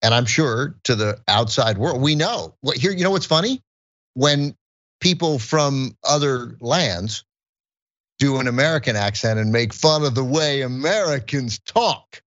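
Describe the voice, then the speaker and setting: A man co-hosting a podcast in casual chat, talking in halting bursts with many restarts and chuckling asides. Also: mid-range voice, animated, fairly bright tone, dull audio. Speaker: podcast co-host.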